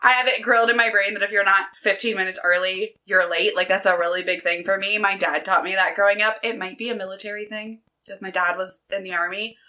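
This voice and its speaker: A woman's voice: medium pitch, steady tone, quick pace, few pauses, pushed and bright, rough recording. A woman in her thirties chatting energetically to camera, telling personal stories in an upbeat, chatty way. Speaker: book vlogger. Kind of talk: casual chat.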